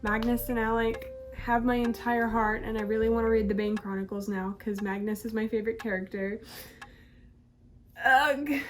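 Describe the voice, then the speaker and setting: A woman chatting casually in a reading vlog, gushing and full of fillers. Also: a little high. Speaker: book vlogger. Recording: clear background music.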